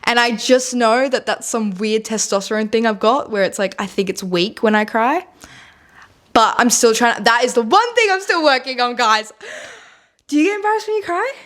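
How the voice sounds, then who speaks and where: A young woman co-hosting a podcast in casual chat, candid and quick to swear, with many fillers. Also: on the high side, a bit bright. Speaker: podcast co-host.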